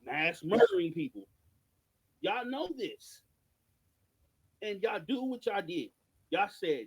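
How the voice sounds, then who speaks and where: A man's voice: high-pitched, very animated, measured pace, vocal fry, breathy edge, low-quality recording. A man co-hosting a podcast, giving passionate political commentary with emphatic rhetorical questions. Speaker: podcast co-host.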